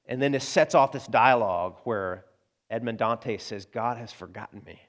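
A man's voice: on the low side, steady tone, moderate pace. A man preaching a sermon in a conversational way, talking straight to his congregation and acting out quoted voices. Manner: conversational preaching, asides to the congregation, frequent restarts; acts out quoted voices in prayer and dialogue. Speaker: pastor.

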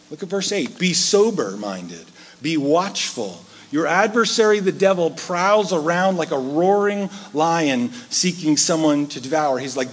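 Male pastor, sermon delivery, slightly high voice, dramatic swings from loud to hushed. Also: a little slow. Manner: animated, shifts from loud emphasis to hushed asides.

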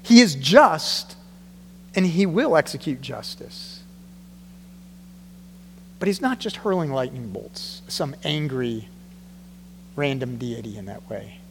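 A man preaching a sermon in a church, animated, acting out the voices he quotes. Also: high voice, long reverb tail. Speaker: pastor.

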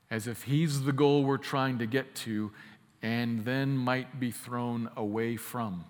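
A man preaching a sermon, emphatic, slowing down to stress key phrases and speeding through quick asides. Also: medium pitch, steady tone, in a large hall. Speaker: pastor.

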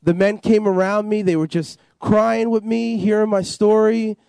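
A man's voice: high-pitched, little pitch movement, moderate pace, creaky, a little mellow, clear, resonant tone, dry recording. A man giving a rambling personal testimony as an interview guest, full of "you know" and "like.". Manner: rambling, repeats himself, lots of "you know" and "like". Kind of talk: personal testimony, casual storytelling.

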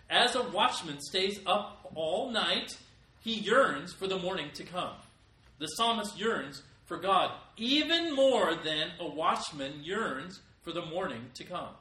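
A man's voice: sits high, bright, forceful tone. A middle-aged man preaching a sermon as pastor, with emphatic rises in volume. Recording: echoey room, voice from a distance.

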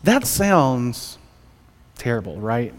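Speaking slowly but with great animation, this American pastor uses a mid-range voice for his Sunday sermon. He keeps it conversational and tosses in jokes along the way, all captured in an echoing church hall.

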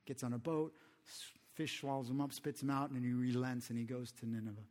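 A male preacher delivers a sermon conversationally, often asking the audience rhetorical questions. His medium-pitched voice has fairly even intonation, a fairly quick pace, and a slightly mellow tone.

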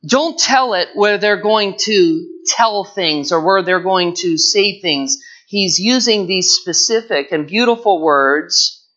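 A man's voice: high-pitched, sharp tone. A man teaching a Bible lesson verse by verse, explaining the text in an earnest, explanatory way and drawing out key words. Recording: dull lo-fi recording.

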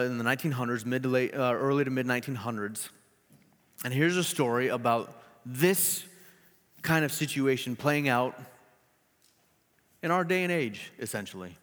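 A man preaching a sermon, telling a story with animated delivery and joking asides. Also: mid-range voice, big-room sound. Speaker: pastor.

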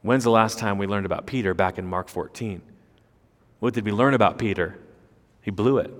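A pastor preaches an expository sermon emphatically, using rhetorical questions and repeating words. His voice is on the low side at normal speed, carrying the long reverb of a large hall.

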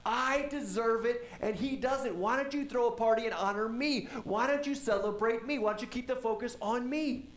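A man's voice: very high-pitched, moderate pace, hardly any pauses, reverberant, voice pushed up. A man doing an indignant jealous older brother. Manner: whiny, indignant complaining.

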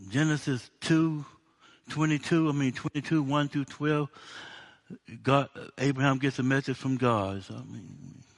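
A man's voice: mid-range voice, steady tone, measured pace. A man preaching a sermon in a conversational, humorous way, acting out the dialogue of the story.

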